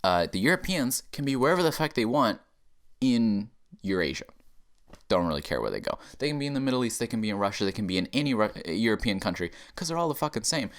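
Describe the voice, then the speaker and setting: A man's voice: on the low side, very animated, fast. An American man hosting a comedy show, delivering a profane, sarcastic satirical rant. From United States. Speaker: comedy podcast host.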